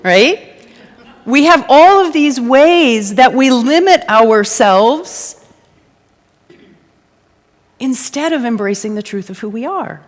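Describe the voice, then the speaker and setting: In a church sanctuary, a woman guest speaker delivers a conversational, playful sermon, inviting the congregation to answer back. Her high-pitched, expressive voice moves slowly with long pauses and a long reverb tail.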